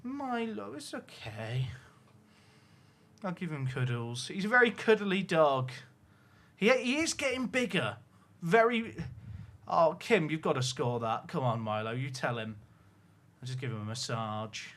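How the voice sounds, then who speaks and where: A man's voice: fairly high pitch, expressive, measured pace, pauses often, a bit bright. A man on a headset mic, talking to his livestream chat while cooing to his dog in baby talk. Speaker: game streamer.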